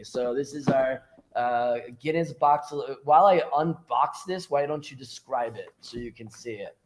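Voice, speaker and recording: A man's voice: on the high side, reverberant, rough recording. A man hosting a casual talk show, upbeat, chatting while eating. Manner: upbeat, talks with his mouth full while eating. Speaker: show host.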